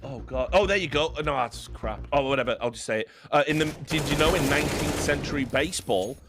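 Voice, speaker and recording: A man's voice: medium pitch, brisk, music in the background. A man on an esports desk rambling through trivia on a headset, self-mocking and hesitant. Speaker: esports co-caster. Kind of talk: casual desk banter. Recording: game gunfire heard behind the voice.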